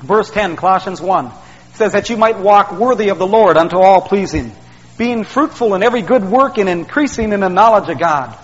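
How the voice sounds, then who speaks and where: A man's voice: high voice, expressive, normal speed. A male preacher, delivering a folksy sermon that he peppers with "man" and "see". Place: church sanctuary. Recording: dull sound, long hall reverb.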